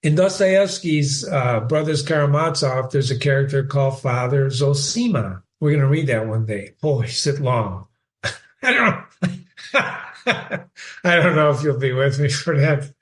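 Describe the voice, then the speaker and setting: A man's voice: mid-range voice, expressive, a little slow. A man giving a casual spoken analysis of a short story, teaching by asking rhetorical questions. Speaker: literature teacher.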